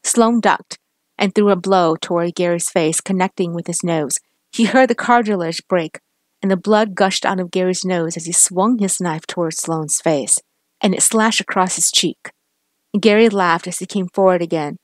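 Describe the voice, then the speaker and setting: Low-voiced woman narrating a crime story. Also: no room sound, studio quality. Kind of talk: dramatic crime story reading.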